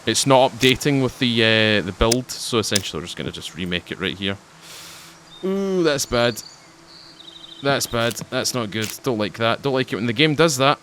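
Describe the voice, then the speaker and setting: A man's voice: mid-range voice, lively intonation, moderate pace, fairly bright tone, a little hiss or hum. A man with a Scottish accent giving casual, rambling commentary to his viewers while playing a game, often repeating and restarting his phrases. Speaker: gaming YouTuber.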